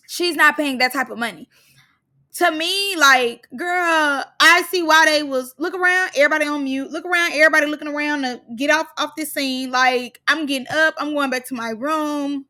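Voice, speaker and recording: A young woman giving a sassy, slang-heavy recap of a reality show, now and then breaking into loud outbursts. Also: sits high. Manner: animated, sassy, slangy, bursts into shouts.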